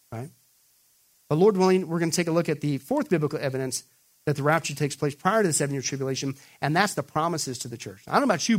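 Man preaching, kinda high voice, gets loud and emphatic. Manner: emphatic, builds to raised, excited pitch when quoting; addresses listeners directly as folks. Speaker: pastor. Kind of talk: sermon.

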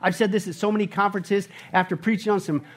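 Pastor, man, high voice, animated sermon delivery, constant rhetorical questions, hushed to booming. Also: quick pace. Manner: animated, rhetorical, keeps asking "right?"; swings from hushed to loud and emphatic. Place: church service before a congregation.

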